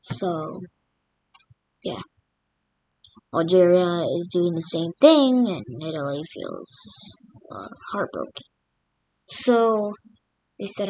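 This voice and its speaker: A woman's voice: lowish voice, sing-song, takes it slowly, long pauses, a little mellow. A woman casually narrating over a map, rambling with many fillers. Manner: rambling, full of fillers like "literally" and "like". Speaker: map video creator.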